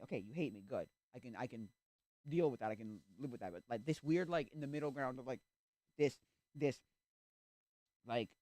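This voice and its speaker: A male streamer in casual chat, rambling with restarts and acting out little quoted exchanges, sometimes breaking into loud rants. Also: on the high side, dry recording. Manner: gets loud and ranting.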